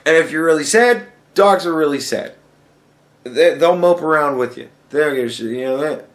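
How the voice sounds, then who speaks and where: A man's voice: a little high, normal speed. A man hosting a casual solo podcast, rambling along with lots of swearing and laughing asides. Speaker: podcast host.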